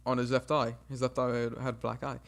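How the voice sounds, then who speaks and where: During a gaming stream, a young man lively recounts an embarrassing incident from his childhood, mocking himself with laughter as he voices what people said. His mid-range voice is quick and creaky.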